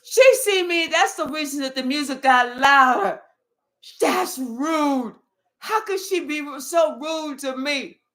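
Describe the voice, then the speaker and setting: Woman doing a high, sharp-toned whiny ex, indignant and self-pitying. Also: animated, slow pace, exaggerated voice. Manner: whiny, shouting, self-justifying.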